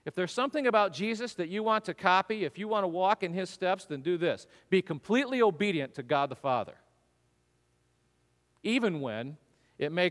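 Animated high-voiced male preacher in a hall. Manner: animated storytelling, acts out voices. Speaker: pastor. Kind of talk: sermon.

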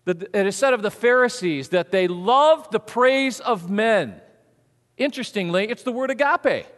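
A man preaching a sermon, animated and conversational, swinging from hushed asides to booming emphasis. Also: normal speed. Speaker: pastor. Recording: long hall reverb.

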